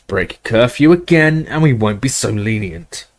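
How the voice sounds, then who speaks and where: A man voicing suspicious, menacing dark-wizard henchmen who talk curtly. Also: mid-range voice, expressive, unhurried. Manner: curt, threatening.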